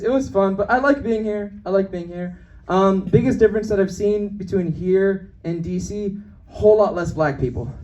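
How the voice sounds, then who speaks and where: A young man works a comedy club stage with a brash, quick-shifting delivery. His voice sits high for a man, and he switches into other voices to act out scenes. The sound comes through the club mic from some distance. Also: a little mellow, muffled recording. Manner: brash, fast-shifting, acts out voices of people in his stories. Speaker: stand-up comedian. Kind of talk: stand-up comedy set. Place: comedy club with live audience.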